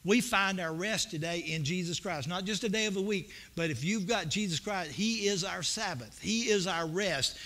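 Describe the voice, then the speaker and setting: A man's voice: high voice, normal speed, hardly any pauses, sharp tone. A male pastor preaching a sermon in a church, telling folksy stories and building to emphatic points. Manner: folksy, storytelling preacher with rising emphatic bursts. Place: church sanctuary.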